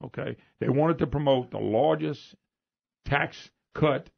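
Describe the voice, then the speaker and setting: A man with a Louisiana Southern accent hosting a radio talk show, telling rambling folksy anecdotes in an animated way. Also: fairly high pitch, measured pace, gravelly. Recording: dull lo-fi radio broadcast.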